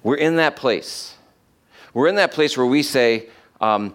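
A man preaching a sermon, reading scripture aloud and explaining it, slowing down to stress key verses. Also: a little high, animated, fairly bright tone. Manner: emphatic, slows down to stress quoted verses.

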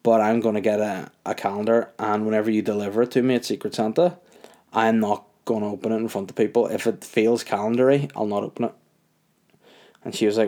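A young man telling a story in a casual, animated rant, incredulous and full of fillers. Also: lowish voice, fast.

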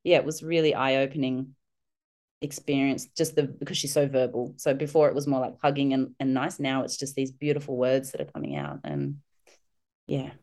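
Brief: woman, low voice, animated storyteller on a remote interview. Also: moderate pace. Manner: animated, acts out quotes in high voices. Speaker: guest, parenting instructor.

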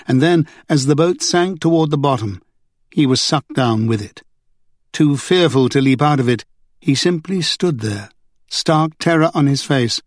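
A man narrating an audiobook in a measured, expressive manner. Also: medium pitch, no room sound, studio quality. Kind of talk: scripted narration.

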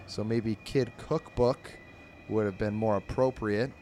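A man with a fairly low voice hosts a comedic read-through of the comic strips. He rambles wryly, restarting sentences and filling gaps with ums. A faint hiss runs under the recording. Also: steady tone, a little slow, warm tone. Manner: rambling, wry, full of fillers and restarts. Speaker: host.

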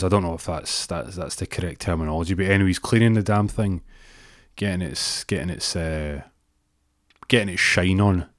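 Low-voiced Scottish man telling a story. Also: dry recording, clean studio sound. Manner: rambling, repeats words. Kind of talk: casual anecdote telling.

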